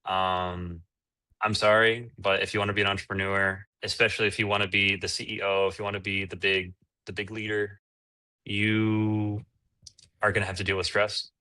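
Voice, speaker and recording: Bright-voiced man, candid entrepreneur guest. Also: lowish voice, level tone, moderate pace. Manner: candid, rambling with fillers and restarts. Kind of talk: casual interview chat.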